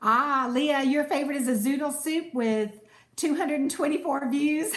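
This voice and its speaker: A woman chats casually on a live stream, reading and answering viewer comments. Her voice is high and soothing. The room around her is noticeably echoey. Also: normal speed. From United States. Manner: chatty, warm thanks to viewers, reads comments aloud. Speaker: cooking channel host.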